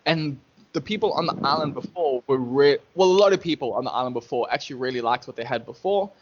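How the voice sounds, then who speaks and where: A man's voice: medium pitch, quick pace, background noise. Guy hosting a chat, meanders while he thinks, dull audio. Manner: rambling, thinks aloud with restarts. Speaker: podcast host. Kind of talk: casual interview chat.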